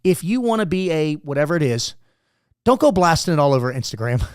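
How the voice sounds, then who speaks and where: A man's voice: on the high side, sing-song, fairly quick, smooth, no echo, clean studio sound. A man in his fifties, a former Navy SEAL guest, telling rambling, profane stories in a casual interview.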